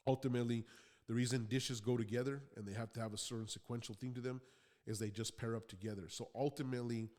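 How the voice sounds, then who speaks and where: A man's voice: mid-range voice, steady tone, quick pace, a little mellow. A man hosting a motivational podcast. He talks in a blunt, conversational way and swears now and then. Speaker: podcast host.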